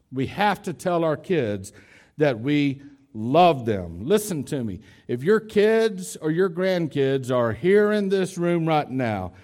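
A man's voice: a little high, darkish tone. A man preaching a sermon as pastor, emphatic, repeating key phrases and speaking straight to his congregation. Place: church hall with a congregation.

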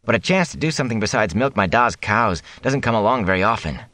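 A man doing an eager, excitable young villager. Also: fairly low pitch, no room sound, voice pushed up. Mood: defensive. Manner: excited, quick, pushy. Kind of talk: audiobook character voice.

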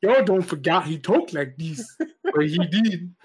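A man talks slowly on a casual podcast, his pitch swooping widely up and down as he jokes with a crude edge. His unhurried, sing-song delivery stands out from the rest of the panel. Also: lively intonation, noisy background. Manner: slow, sing-song delivery, profane joking. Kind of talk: casual group chat.

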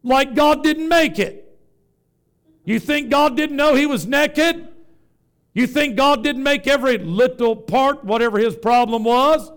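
High, smooth-voiced man preaching. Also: measured pace, fairly bright tone. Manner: rhythmic, folksy, calling out questions to the congregation. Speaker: Pentecostal bishop preaching. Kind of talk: sermon. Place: church before a congregation.

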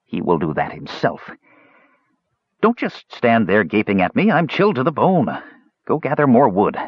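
A man's voice: medium pitch, wildly swooping pitch, moderate pace, breathy edge, no room sound. A man voicing a frail, sickly young mage who gives cold, clipped orders with dry sarcasm. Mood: cool, sardonic. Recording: dull lo-fi recording.

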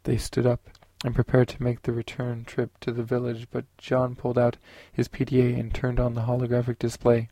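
Man, audiobook narration, steady and unhurried, even flat pitch, dry close sound. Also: no echo.

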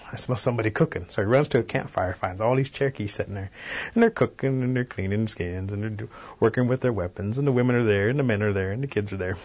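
A man telling a traditional folk tale in a relaxed, animated way, in a dull radio recording. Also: lowish voice, slightly rough. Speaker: storyteller guest. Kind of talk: oral folk-tale storytelling.

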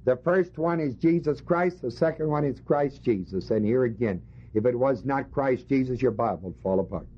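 Husky and mid-range, a preacher's voice moves at a moderate pace as he expounds a Bible passage for his congregation. He delivers the sermon emphatically, leaning on rhetorical questions, in a dull lo-fi recording.

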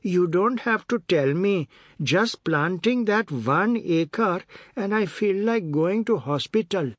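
A man's voice: high-pitched, expressive, slow pace, no echo, studio quality, pitched above the performer's own voice, heavily acted. A man reading a novel aloud, voicing a weary widow who complains about hard field work. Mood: complaining. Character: weary woman rice planter, a widow.

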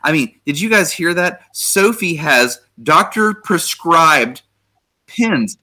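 A man's voice: a little high, expressive, slow pace, sharp tone. A man hosting a casual podcast chat, enthusiastically reading listener comments aloud and swearing casually. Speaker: podcast host.

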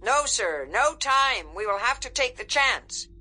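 A woman reading as a brisk, arrogant general. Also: on the high side, lively intonation, sharp tone, soft background music, pitched above the performer's own voice, exaggerated voice. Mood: clipped insistence. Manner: curt, commanding, respectful on the surface. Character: arrogant male military general, commanding.

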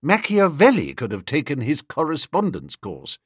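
A man reading a story aloud as audiobook narrator with an expressive, varied delivery. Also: fairly high pitch, moderate pace, husky, no room sound, studio quality. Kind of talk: scripted narration.

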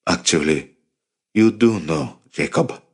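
A man voicing a stern, fierce middle-aged uncle who speaks in a low, firm, commanding way. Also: normal speed. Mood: gentle.

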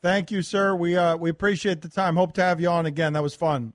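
A man hosting a sports radio show, bantering and excitedly shouting catchphrases. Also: high voice, fairly quick, no echo. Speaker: radio host.

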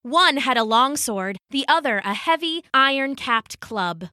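A woman reading a children's storybook aloud in an expressive, unhurried way. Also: high-pitched, no echo, studio quality. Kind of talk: storybook read-aloud narration.

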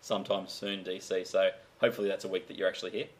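A man's voice: low-pitched, level tone, rapid-fire. An Australian man hosting a podcast in casual banter, joking and laughing with his co-host. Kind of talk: casual chat.

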